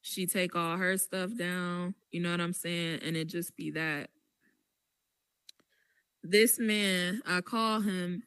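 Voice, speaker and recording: A woman hosts a casual podcast chat and tells her story slowly, with a bright, clear, smooth voice. She stresses her points with animation. The sound is dry and close. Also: fairly low pitch, steady tone, no echo. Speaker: podcast host.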